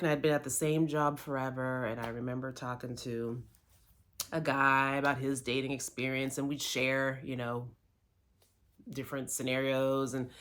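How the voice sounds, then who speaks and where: A woman's voice: low-pitched, a bit bright. A middle-aged woman, a life coach, candidly telling a personal story with lots of quoted self-talk.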